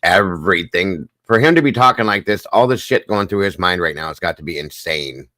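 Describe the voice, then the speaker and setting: A man's voice: sits low, fairly quick, sharp tone, no room sound. A man hosting a show, reacting to a video while laughing in disbelief. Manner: amused, laughing along in disbelief. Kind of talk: live reaction commentary.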